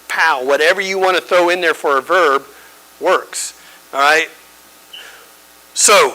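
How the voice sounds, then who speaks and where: A man's voice: fairly high pitch, sharp tone, rough recording. A man teaching a church Bible study, conversational and emphatic, often checking in with his listeners.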